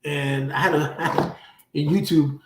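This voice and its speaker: A man's voice: fairly high pitch, steady tone, slow pace, distant mic, a little hiss or hum. A man hosting a casual livestream, telling stories in loose, profane street slang from a room at home. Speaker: livestream host. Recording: roomy echo.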